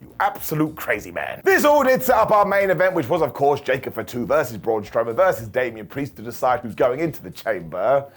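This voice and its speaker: A man's voice: mid-range voice, brisk, hardly any pauses, soft background music. A man giving a casual, jokey review of a wrestling show, often laughing through his commentary. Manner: animated, laughing, jokey asides.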